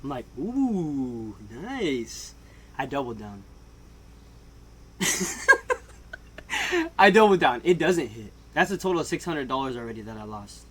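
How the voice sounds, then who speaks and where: A man telling a comedic storytime, animated and casual, swinging between loud outbursts and hushed asides and laughing often. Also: medium pitch, normal speed, long pauses, a little hiss or hum. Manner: casual slang and swearing. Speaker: vlogger.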